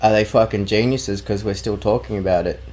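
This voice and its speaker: Man, low voice, blunt and sweary, gaming podcast co-host. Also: fairly even intonation, a little fast, darkish tone. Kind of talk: casual chat.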